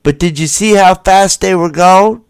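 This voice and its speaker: A man's voice: high-pitched, unhurried, clear, resonant tone, no echo. A man hosting a livestream and commenting casually on video footage, swearing and firing rhetorical questions at viewers. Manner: profane, keeps asking the viewer rhetorical questions; acts out the people in the footage in quoted voices. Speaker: livestream host.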